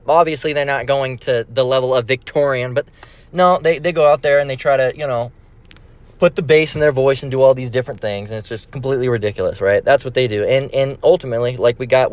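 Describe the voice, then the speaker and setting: A man's voice: mid-range voice, smooth. A man giving a rambling, profane screen-share lesson, repeating himself as he goes.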